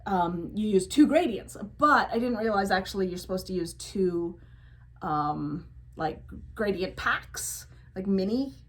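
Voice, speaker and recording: A woman's voice: medium pitch, lively intonation, measured pace, rough recording. A woman co-hosting a knitting podcast, talking in a playful, rambling way. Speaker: podcast co-host. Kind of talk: casual chat.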